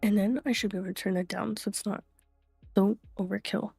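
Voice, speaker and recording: A young woman streams live from home on a desk mic, her mid-range voice gravelly, a little mellow and breathy, delivered fairly quickly with fairly even intonation. She's chatty, reads viewers' names aloud from chat and laughs often. The recording is dry, with soft music in the background.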